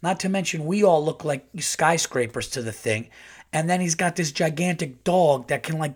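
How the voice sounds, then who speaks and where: A middle-aged man hosting a podcast, telling a story in a casual, animated, profane and rambling way. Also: on the high side. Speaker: podcast host.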